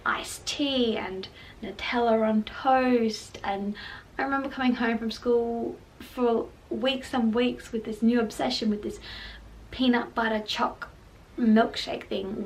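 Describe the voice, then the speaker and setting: A young woman, telling her personal story in a candid, emotional way and leaning on filler words. Her voice has a gravelly edge. The mic sits a little far off, with faint noise behind her. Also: a little high, a bit bright. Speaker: vlogger. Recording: slightly distant mic with faint background noise.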